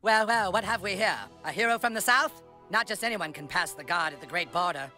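An actor playing a pompous cartoon prince in a video game, speaking in grand, formal proclamations with deadpan asides. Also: male voice, sits high, fairly quick, faint music behind. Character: pompous royal prince of a cartoon northern kingdom. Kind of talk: video game character dialogue.

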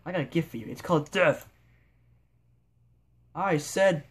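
A man's voice: fairly high pitch, measured pace, husky. A young man giving goofy, rambling commentary while playing a sandbox game, talking to himself and the characters on screen. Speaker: gameplay video maker. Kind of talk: casual gameplay commentary.

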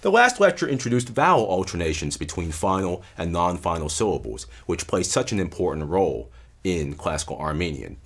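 Deep-voiced man giving an animated lecture. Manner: measured, explanatory, stressing key terms. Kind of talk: academic lecture.

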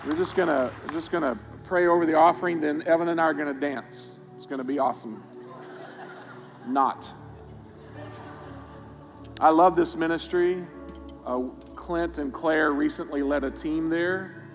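A man's voice: on the high side, moderate pace, some chatter behind. A male pastor leading the offering with a casual, upbeat manner, then praying. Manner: casual, upbeat, hesitant with fillers. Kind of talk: offering appeal and prayer. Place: church sanctuary. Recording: church hall reverb with faint music.

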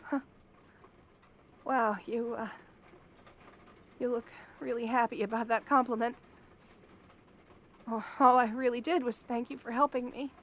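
A terrified young woman held captive, voiced by a woman actor in an audio drama, stammering and begging in a high voice. She speaks slowly, stumbling over her words. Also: steady tone, a bit bright. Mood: nervous, placating. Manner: stammering, fearful, pleading. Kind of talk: audio role-play.

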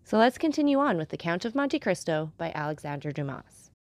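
A woman's voice: on the low side, very animated, a little fast, no room sound. A woman hosting a storytelling channel, giving a casual, enthusiastic intro.

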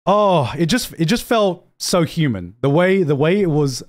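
A young man streaming a casual anime rant, excitable and repetitive, swearing often. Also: a little high, unhurried. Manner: excitable, swears a lot, repeats himself. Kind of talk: animated casual ranting.

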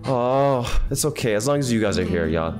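A man of Ethiopian background giving casual gaming commentary in animated, excitable, slangy banter, tired and half awake. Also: medium pitch, moderate pace. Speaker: game streamer. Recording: voice over game audio and faint music.

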